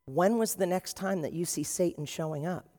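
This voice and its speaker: A man preaching a sermon in an animated way, acting out the voices of the people he quotes. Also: high voice, normal speed, in a large hall. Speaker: pastor.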